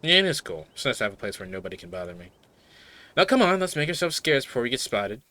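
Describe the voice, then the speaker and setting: A man's voice: mid-range voice, sing-song, quick pace, pushed and bright. A man reading the lines of a guarded young woman who runs the town mines, in a dry, matter-of-fact way. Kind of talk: reading game dialogue aloud.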